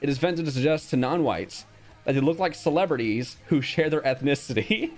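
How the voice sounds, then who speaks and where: A man's voice: a little high, expressive, a little fast, soft background music. A young man streaming casually, reacting bluntly to a quiz with frequent swearing and reading out chat.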